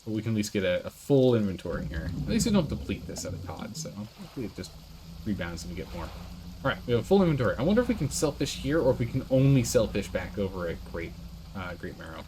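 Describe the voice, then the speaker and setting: A man's voice: on the low side, very animated, fast, background noise. A man streaming a game, chatting casually and thinking aloud as he reads the game text. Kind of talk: casual let's-play commentary. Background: game music.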